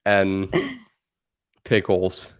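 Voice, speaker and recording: A man's voice: low-pitched, completely flat delivery, very slow, clear, resonant tone. A young man with a Dutch accent, chatting loosely on a livestream, laughing and swearing as he rambles. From Netherlands. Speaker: livestream co-host. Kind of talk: casual livestream chat.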